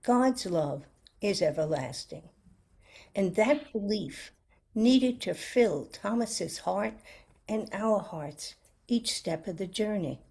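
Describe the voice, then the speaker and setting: A woman giving a sermon reflection with a personal story, speaking in a gentle, earnest, reflective way. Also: medium pitch, lively intonation, slow pace, creaky, husky. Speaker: lay preacher giving a reflection.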